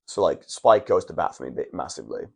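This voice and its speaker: A man's voice: low-pitched, animated, quick pace, creaky, slightly rough. A young man, a wrestler, telling long stories in a casual podcast chat in a hotel room, with restarts and swearing. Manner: rambling storytelling, frequent restarts and swearing.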